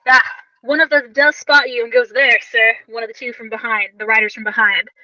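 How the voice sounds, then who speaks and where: High bright-voiced woman game master. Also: quick pace, no echo, recorded from a distance, lo-fi sound. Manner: animated, playful, swears casually. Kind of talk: narrating a tabletop game.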